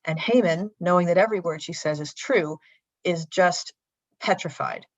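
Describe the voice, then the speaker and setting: A woman preaching in a church and retelling a story in a lively, conversational way, on a dull lo-fi livestream. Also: lowish voice, normal speed, no echo. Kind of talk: sermon storytelling.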